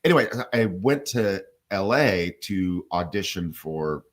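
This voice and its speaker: A man's voice: deep voice, expressive, a little slow. A man guest on a radio show, casually telling rambling stories about recording music and swearing offhandedly. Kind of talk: casual radio studio chat.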